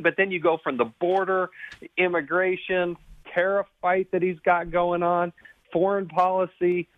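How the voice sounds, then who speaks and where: A man speaking as a guest congressman on a radio show, forceful and insistent. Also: sits high, no room sound. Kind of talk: phone-in political interview. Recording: tinny phone line.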